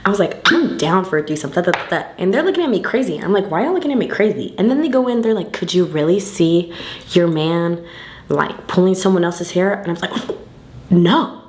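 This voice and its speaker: A woman's voice: on the low side, animated, brisk, a little mellow, reverberant, slight background noise. A tipsy young woman rambling loosely through a get-ready-with-me vlog, slangy and full of swearing. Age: young adult. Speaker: beauty vlogger.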